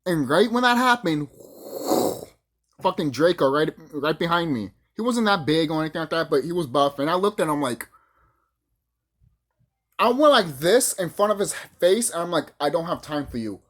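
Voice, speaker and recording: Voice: medium pitch, expressive, normal speed, long pauses, fairly bright tone. Brash, swearing vlogger ranting, voice swinging wildly. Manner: profane, boastful, acts out quoted voices. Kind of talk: ranting monologue.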